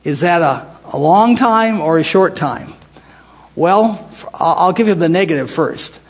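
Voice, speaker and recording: An older American man from the United States leads a casual Bible study, his slightly high voice unhurried and lively in intonation. He talks conversationally, restarting phrases and posing questions to the group.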